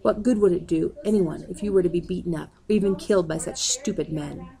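A woman's voice: fairly low pitch, fairly quick, vocal fry, warm tone. A woman voicing a worried old man who urges and pleads with urgency. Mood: urgent. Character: worried old family friend.

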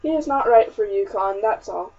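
A woman's voice: mid-range voice, expressive, moderate pace, a little mellow. A woman reading the lines of a grave, plain-spoken young male colonist in an audiobook. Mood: solemn. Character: solemn young male colonist, earnest, blunt. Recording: distant, dull lo-fi audiobook recording.

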